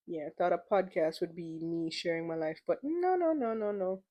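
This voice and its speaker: A woman's voice: lowish voice, expressive, moderate pace, highs cut off. Chatty emotional woman podcast host. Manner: chatty, playful, emotional, repeats words for emphasis. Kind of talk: casual solo podcast monologue.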